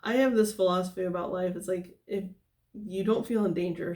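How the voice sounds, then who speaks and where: A woman talks through a tarot reading in a loose, meandering monologue, with plenty of "like" and "um" as she goes. Her voice sits a little on the low side. She drifts off on tangents and then comes back to the cards. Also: fairly even intonation, fairly quick, darkish tone. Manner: rambling, many fillers and tangents. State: somewhat out of breath. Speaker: tarot reader.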